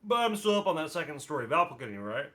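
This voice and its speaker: A man's voice: on the high side, very animated, fast talker, fairly bright tone. Joking male tabletop player. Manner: joking, self-mocking. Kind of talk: casual tabletop play.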